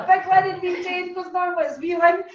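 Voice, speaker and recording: High-voiced Scottish woman presenting awards. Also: background noise. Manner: chatty, warm-hearted, gets choked up. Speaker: event host. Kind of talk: emotional award speech. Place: hot function room. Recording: echoey room, distant dull mic.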